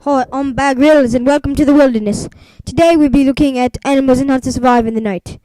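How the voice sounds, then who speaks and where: A woman putting on a fake British accent as a rambling, excitable wilderness survival host over gameplay. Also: high-pitched, fast talker, a little hiss or hum, close to an everyday voice, rough recording. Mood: mock serious. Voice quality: rambling, giggly, hesitant. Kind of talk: comic impression over gameplay.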